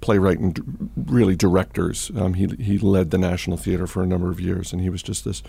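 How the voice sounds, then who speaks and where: A man's voice: sits low, level tone, brisk, vocal fry, dark tone, husky, dry recording. A man hosting a podcast, telling stories and chatting casually about markets, with many fillers and restarts. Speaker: podcast host. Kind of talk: casual storytelling and market chat.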